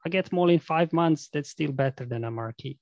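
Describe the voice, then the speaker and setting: A man guesting on a podcast, explaining in a relaxed casual way with lots of "you know" and "right?". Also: fairly high pitch, brisk, no room sound, muffled recording. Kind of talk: casual chat.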